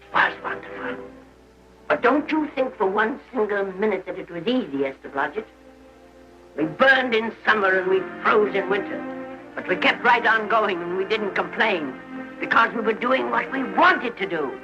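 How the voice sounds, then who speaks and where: A medium-pitched, animated voice close to everyday speech belongs to an actress portraying an older pioneer grandmother in a 1930s movie. Stern and resolute, she lectures her granddaughter with firm force at a normal pace, heard through a muffled period soundtrack with music.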